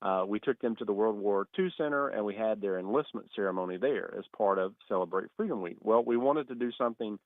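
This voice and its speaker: Low-voiced man on a tinny phone line. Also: no room sound. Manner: steady, measured, with frequent "uh" and "um" fillers. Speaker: state education superintendent, phone guest. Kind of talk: radio interview answers. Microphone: phone call.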